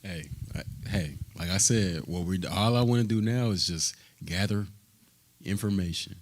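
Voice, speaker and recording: A man's voice: deep voice, moderate pace. A man teaching a Bible study, reading scripture aloud and checking in with the group with frequent "right?", in a conversational American manner. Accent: American English. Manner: reads scripture aloud, rising in emphasis.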